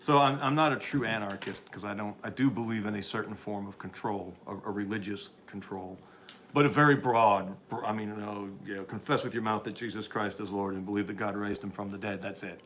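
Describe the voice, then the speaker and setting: Low-voiced man rambling through commentary. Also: a little fast, a bit bright, a little hiss or hum. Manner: meandering, opinionated, frequent restarts, chuckles. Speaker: livestream host reading chat.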